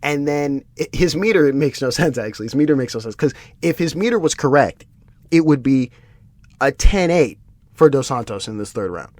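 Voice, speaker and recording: Animated, exasperated man ranting. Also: medium pitch, moderate pace, no echo. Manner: animated, exasperated ranting with frequent restarts and swearing. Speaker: podcast host. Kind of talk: solo MMA podcast commentary.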